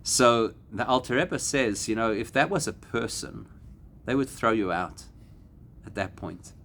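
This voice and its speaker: A rabbi teaching a Torah class in a room with listeners. His voice sits at a middling pitch, and his delivery is animated, climbing to emphatic highs. He keeps the tone of a lively lecture throughout. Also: measured pace, slight background noise. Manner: animated, rising to emphatic peaks and acting out quoted voices.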